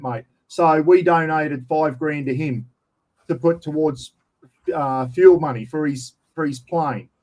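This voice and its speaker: An Australian man with a fairly high, darkish voice is a guest in a casual interview, spinning long, rambling stories and saying "mate" constantly.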